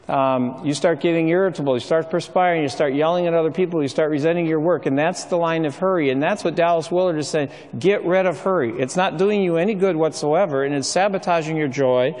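A middle-aged man preaches in a relaxed, storytelling way, sprinkling his talk with ums and uhs. His voice sits a little higher than most men's, and a long reverb trails after each phrase, as if he stands in a large hall. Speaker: speaker. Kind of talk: sermon.

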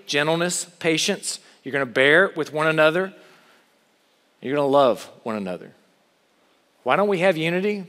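A man's voice: on the high side, a bit bright, big-room sound. A man preaching a sermon as pastor, earnest and full of rhetorical questions.

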